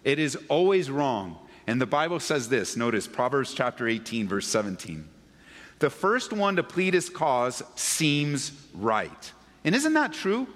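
A man's voice: sits high, a bit bright, in a large hall. A man preaching a sermon as pastor, emphatic, repeating key phrases and asking the congregation rhetorical questions. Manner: addresses the congregation directly.

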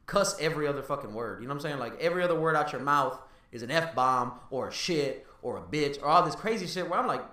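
A man in his thirties in casual podcast chat, talking fast and loose, swearing and tagging lines with "bro" and "right?". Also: fairly high pitch, lively intonation, pushed and bright, reverberant, recorded from a distance. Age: 30s. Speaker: podcast co-host.

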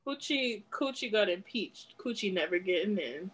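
A woman's voice: mid-range voice, expressive, moderate pace, fairly bright tone, slightly rough, low-quality recording. A woman in casual chat with friends, teasing and playing a rhyming word game.

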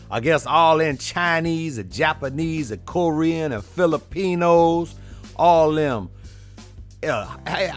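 Man doing a shrill, loud parody voice of an elderly male politician, sneering and taunting.

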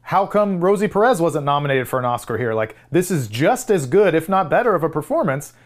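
A podcast co-host shares strong, emphatic opinions in casual chat about a film. The voice sits in a mid-range pitch. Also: big pitch swings, a little fast. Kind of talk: casual movie-discussion chat.

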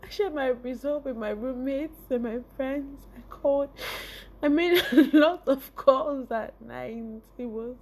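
Emotional young Nigerian woman, high voice. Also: unhurried, darkish tone. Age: young adult. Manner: laughs often, voice rising and breaking with emotion. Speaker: vlogger. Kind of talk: emotional personal storytelling.

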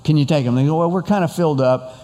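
A man tells a rambling personal story, animatedly acting out the quoted dialogue along the way. His voice is a little high and he talks fast, with a big-room sound around him.

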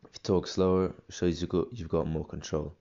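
Young male podcast host, rambling and halting, deep fry-heavy voice, slightly dull recording. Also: flat delivery, warm tone. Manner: rambling, halting, many restarts and fillers. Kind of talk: solo casual podcast monologue.

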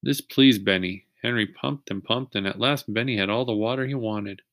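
Man reading a children's book aloud, low-voiced. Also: no echo, studio quality. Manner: steady read-aloud, pausing to ask young listeners questions. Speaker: reader.

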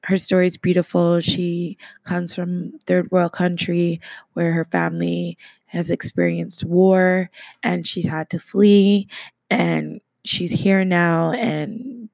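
A woman hosting a casual solo podcast, speaking with a slight lisp in an enthusiastic, rambling way with many fillers and shout-outs. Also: lowish voice, steady tone, takes it slowly, vocal fry, no room sound. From Canada. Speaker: podcast host.

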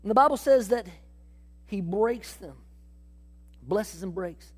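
A woman preaching a sermon, acting out Bible dialogue and calling out to the congregation in an animated way. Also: mid-range voice, takes it slowly, slightly rough. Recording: long hall reverb.

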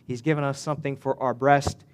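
A man's voice: mid-range voice, steady tone, fairly quick. A male pastor preaching a sermon in an earnest way, building to emphatic swells and often restarting his phrases.

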